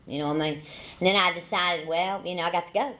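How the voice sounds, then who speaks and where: Speaking fast in a low, somewhat bright voice with fairly even intonation, a woman in her forties shares her AA recovery story. She has a Southern US accent and a folksy, humorous style built on repeated phrases and dry wit.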